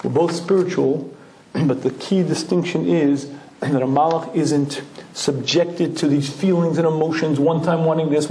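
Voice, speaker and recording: A male Torah lecturer telling a lively story, clearing his throat often. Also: a little high, a little hiss or hum. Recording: roomy echoing hall.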